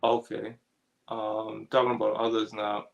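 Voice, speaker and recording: Gravelly, laid-back man with a chuckle. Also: fairly low pitch, a little slow, lo-fi sound. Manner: relaxed, laughs often, reads out chat comments. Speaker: co-host of a ministry talk. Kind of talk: casual spiritual discussion.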